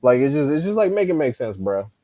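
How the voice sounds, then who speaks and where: A man's voice: medium pitch, sing-song, fairly quick, dry recording. Exasperated man on a dull, dry line. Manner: exasperated, profane, emphatic. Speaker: podcast co-host. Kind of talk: casual boxing chat.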